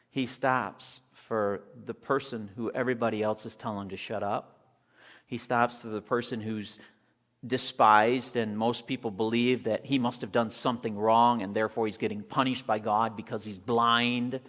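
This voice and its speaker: A man preaching a sermon with animated storytelling, acting out the scenes, recorded in an echoey church hall. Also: medium pitch.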